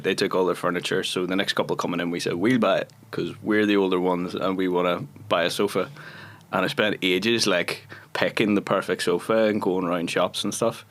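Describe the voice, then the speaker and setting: A Northern Irish man in his thirties, a guest actor telling chatty anecdotes on a podcast and laughing often. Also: on the low side. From Northern Ireland. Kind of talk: casual podcast chat.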